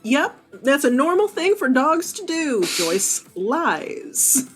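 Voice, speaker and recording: A woman's voice: high voice, big pitch swings, slow, music in the background. A woman playing a tabletop game, teasing and giggly. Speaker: player. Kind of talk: casual tabletop play.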